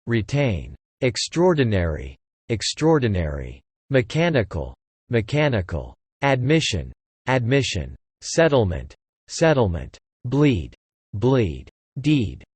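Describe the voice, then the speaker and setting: Man, vocabulary word list reader, slow, each word twice, dry close sound. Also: mid-range voice, darkish tone, husky, no echo. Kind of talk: reading English word lists aloud.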